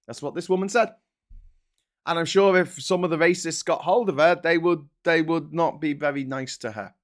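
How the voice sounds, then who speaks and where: A man's voice: a little high, moderate pace. A man hosting a casual, sarcastic and exasperated commentary on newspaper front pages. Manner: sarcastic and exasperated, breaking into laughter. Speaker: host.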